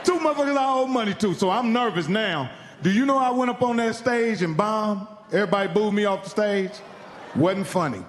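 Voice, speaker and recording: A man with a high voice works a comedy stage, telling a profane story and jumping into the voices of everyone in it. A long hall reverb trails his words, and a faint crowd murmur sits underneath. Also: brisk, slight background noise. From Indiana. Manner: profane, animated, acts out quoted voices. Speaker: stand-up comedian. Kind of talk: stand-up storytelling.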